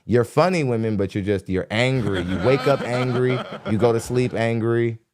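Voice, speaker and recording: With a crowd audible in the background, a young adult man talks at normal speed on his podcast through a studio mic. He rants bluntly and mockingly about a dating show, laughing between jabs and mimicking others in high squeaky voices.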